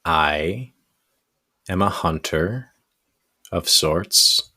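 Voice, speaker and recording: A man's voice: low-pitched, very slow, sharp tone, heavily acted. A man doing a grinning, oddly formal hunter. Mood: cheerful.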